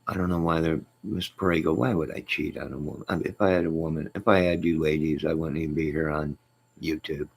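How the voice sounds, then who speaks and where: A man's voice: extremely low pitch, fairly even intonation, fast, creaky, slightly rough. A man hosting a casual live stream, reading viewer comments and joking with them in a teasing, chuckling way.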